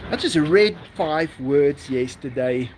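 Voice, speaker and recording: Slow, chatty man. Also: fairly high pitch, lively intonation, a little mellow, slight background noise. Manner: chatty, laughs often, answers viewer comments. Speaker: live-stream host. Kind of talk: casual live-stream chat.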